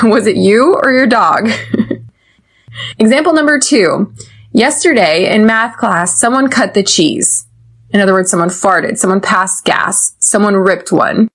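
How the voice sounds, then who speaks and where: An American woman hosting an English-learning podcast, explaining an idiom and leading slow repeat-after-me drills. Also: mid-range voice, poor audio. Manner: slow, clear drills with laughs. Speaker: English teacher and podcast host. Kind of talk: scripted teaching.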